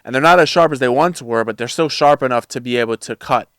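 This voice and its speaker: Male podcast guest, reflective and halting, smooth voice, dry. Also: mid-range voice, a bit bright, dry recording. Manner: reflective, searching for words. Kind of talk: casual reflective conversation.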